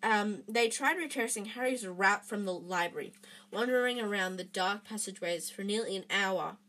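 A woman's voice: medium pitch, moderate pace, a bit bright. A woman reading a storybook aloud, with frequent restarts and fillers. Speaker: reader.

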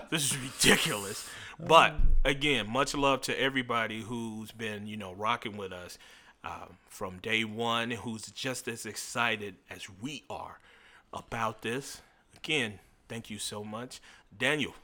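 A man's voice: medium pitch, unhurried, bright, forceful tone. A man co-hosting a podcast, talking in a playful, theatrical, self-mocking way. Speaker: podcast co-host. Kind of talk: casual comedic chat.

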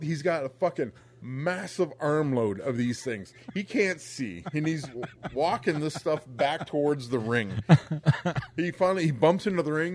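Profane, laughing male storyteller. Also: fairly high pitch. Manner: animated, laughing, profane anecdote telling. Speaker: podcast co-host. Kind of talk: casual storytelling.

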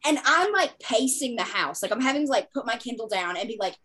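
A young woman hosting a casual chat, excitable and gushing, swearing freely. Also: a little high, a little fast, breathy edge. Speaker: podcast host.

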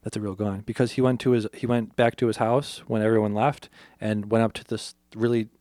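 A man's voice: fairly low pitch, fairly quick, no room sound, clean studio sound. A man co-hosting a podcast, casually retelling a film's plot in detail and acting out the characters' lines with plenty of swearing. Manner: animated storyteller, acts out quotes, swears freely. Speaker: podcast co-host.

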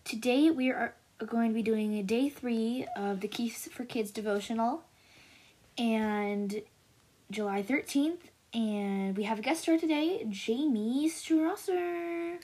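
A woman's voice: on the high side, slow pace, darkish tone. A woman hosting a devotional show, reading a children's story aloud in an upbeat, chatty way, often stumbling and correcting herself. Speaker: host.

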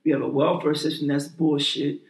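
A man's voice: a little high, flat delivery, fairly quick. A man in heated casual chat, profane and emphatic, often repeating and restarting his words. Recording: roomy echoing room.

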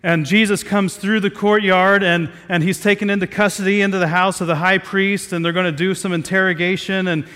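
Man preaching, from Southeast Ohio, casual and rambling, fairly high voice, long echoing reverb. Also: level tone, fairly quick, few pauses, pushed and bright. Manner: conversational, with many fillers and restarts. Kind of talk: sermon. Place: outdoor square.

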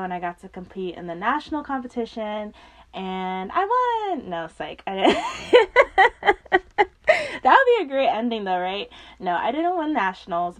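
A young woman in her twenties hosting a podcast, telling a personal story in a casual, animated way, often laughing and acting out what others said. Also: mid-range voice. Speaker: podcast host.

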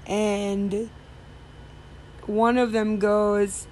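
A woman's voice: mid-range voice, fairly even intonation, a little slow, a little mellow, a little hiss or hum. Chatty woman telling a rambling story. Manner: chatty, rambling, many fillers and restarts. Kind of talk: casual storytelling.

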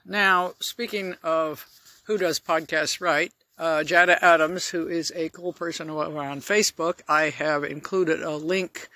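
A woman's voice: sits low, bright, forceful tone, no echo. Rambling, blunt woman podcaster, dry close sound. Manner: rambling and chatty, with many fillers and blunt asides. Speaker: podcast host. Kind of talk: casual solo podcast monologue.

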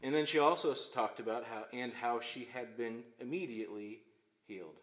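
A male pastor preaching a sermon, swinging between emphatic loud phrases and hushed, quiet ones. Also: medium pitch, brisk. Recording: echoey room.

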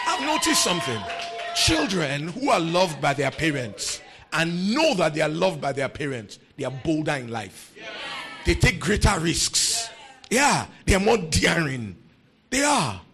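A man preaching a sermon, emphatic and repeating key phrases, swinging between quiet talk and shouting. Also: fairly high pitch, very animated, measured pace, creaky, soft background music, a faint crowd. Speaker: pastor.

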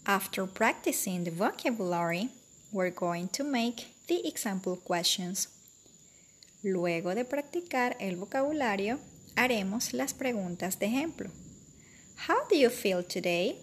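A woman teaching a bilingual vocabulary lesson for children, speaking slowly, clearly and repetitively. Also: medium pitch, animated.

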